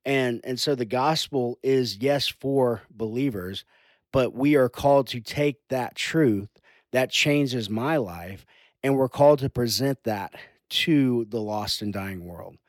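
A man working as a youth pastor talks earnestly in a relaxed conversation, sometimes slipping into a preaching cadence. His voice sits at a middle pitch and the sound is dry and close, with no room echo. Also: takes it slowly. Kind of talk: casual conversation.

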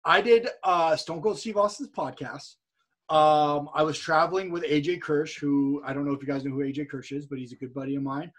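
A man speaking as a guest over a video call, telling a story in an energetic, profane way and repeating words as he goes. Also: a little high, a little fast. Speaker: guest, streamer and wrestler. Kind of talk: casual storytelling chat.

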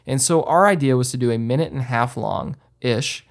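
A man's voice: normal speed, creaky. A man hosting a podcast, giving casual how-to advice in an emphatic way, with lots of ums and restarts. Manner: lively swings up in pitch when stressing a point. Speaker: podcast host and filmmaker. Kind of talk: casual instructional talk.

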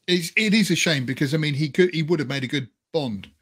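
Guy hosting a podcast, jokey, laughs a lot, a bit high voice. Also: fast talker, fairly bright tone. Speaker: podcast host. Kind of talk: casual chat.

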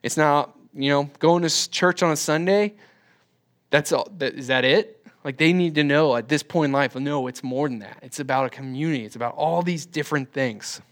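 A man's voice: fairly high pitch, moderate pace. A man in his twenties teaching a church class in a loose, rambling way, with many fillers and restarts. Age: 20s. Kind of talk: casual classroom talk.

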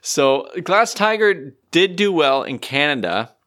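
A man's voice: fairly high pitch, big pitch swings, slow pace, a bit bright. A man co-hosting a podcast, talking casually and laughing easily. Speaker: podcast co-host. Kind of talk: casual chat.

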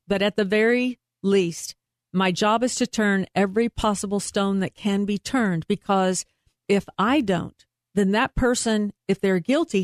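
A woman's voice: medium pitch, no echo, studio quality. A woman working as a private investigator, talking earnestly and emphatically as a guest in an interview. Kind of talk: interview conversation.

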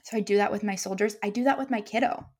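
A woman's voice: medium pitch, fast, a little mellow. A woman in her thirties, a guest on a podcast, telling stories in a candid, emotional way and laughing often. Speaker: guest, military commander and leadership coach. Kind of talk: candid conversational storytelling.

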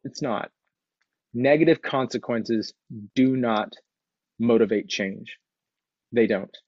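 A man's voice: medium pitch, darkish tone, no echo, dull audio. A man giving an earnest motivational talk about changing his habits, speaking conversationally and repeating phrases for emphasis. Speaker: speaker sharing recovery story.

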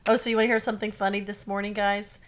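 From her bedroom at home, a female podcast co-host chats and tells stories in an easygoing way. Her mid-range voice is flat in delivery and very fast.

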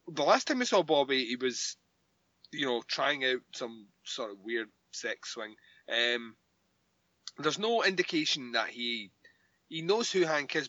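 A man co-hosting a podcast in casual chat, animated and quick to laugh and swear. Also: mid-range voice, no echo, lo-fi sound. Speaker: podcast co-host.

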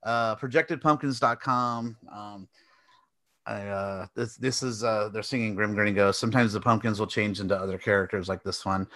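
A man's voice: on the low side, little pitch movement, a little fast, fairly bright tone, dry recording. A man co-hosting a casual arcade podcast, rambling and laughing often as he chats. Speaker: podcast co-host. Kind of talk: casual chat.

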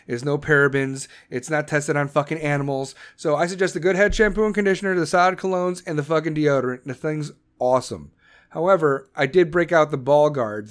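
A man hosting a podcast, ranting angrily and swearing constantly, with shouted bursts, then reading sponsor ads in the same blunt, profane way. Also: fairly high pitch. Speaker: podcast host. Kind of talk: profane political rant and ad read.

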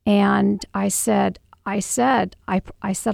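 A middle-aged woman with a strongly gravelly, creaky voice, telling a painful family story. She speaks haltingly, restarting and pausing with fillers. The recording is dry and close. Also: mid-range voice, fairly even intonation, darkish tone, no room sound. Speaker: guest, mother. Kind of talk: personal storytelling interview.

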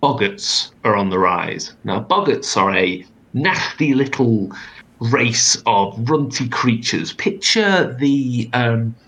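A man runs a tabletop game over a video call and narrates the scene in a wry, rambling way. His voice sits in a middle pitch, and fillers often break up his lines. He sounds like he is talking into a computer mic. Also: animated, slow pace, fairly bright tone, rough recording. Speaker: game master.

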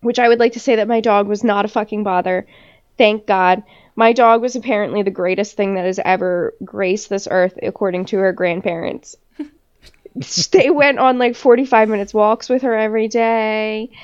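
A woman's voice: mid-range voice, steady tone, moderate pace, a little mellow, clear, resonant tone. A woman podcast co-host telling a story in casual chat, swearing freely and laughing often. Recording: dull lo-fi recording.

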